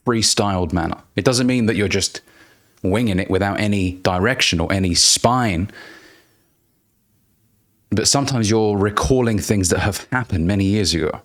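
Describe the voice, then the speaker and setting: A man coaching viewers on public speaking, talking directly and bluntly, slowing down to stress key words. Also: fairly low pitch. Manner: deliberate, emphatic, slows down to stress key words; blunt, casual, occasional swearing. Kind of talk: direct-to-camera coaching lesson.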